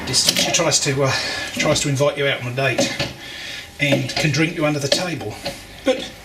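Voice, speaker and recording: A man's voice: on the high side, normal speed. A man casually explaining his home brewing as he works, with wry asides and a bit of effort while stirring. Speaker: home brewer. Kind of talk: casual how-to vlog narration. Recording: loud background noise with clattering.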